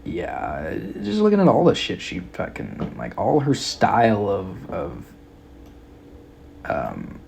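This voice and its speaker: A man's voice: lowish voice, wildly swooping pitch, slow pace, creaky, a little mellow, slight background noise. Profane, ranting young male podcast host. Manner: profane, mocking, exasperated. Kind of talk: casual rant.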